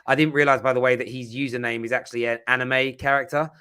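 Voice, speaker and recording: A man's voice: mid-range voice, steady tone, quick pace, pushed and bright, clear, resonant tone. A man hosting a football live stream in casual chat, often stumbling and repeating words.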